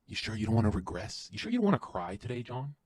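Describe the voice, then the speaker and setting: A husky man voicing a male devil who tempts with quiet, needling questions. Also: fairly low pitch, sing-song, fast talker, dry recording. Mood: taunting.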